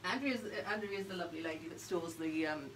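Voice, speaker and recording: A woman's voice: lowish voice, fairly quick. An older woman, co-hosting a craft chat with a teasing, affectionate manner. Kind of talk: casual chat. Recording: distant mic with noticeable background noise.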